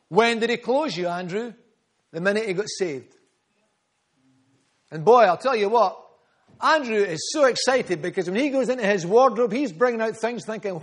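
A man preaching with a high, ringing voice. He is fervent and repetitive, building his phrases in waves and calling on congregation members by name. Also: moderate pace. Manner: rhythmic repetition, builds in volume. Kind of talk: sermon.

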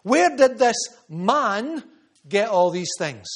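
A Scottish pastor delivers a sermon in a noticeably high voice. He drives his points home with emphatic repetition, then drops into quieter asides. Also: big pitch swings, slow pace.

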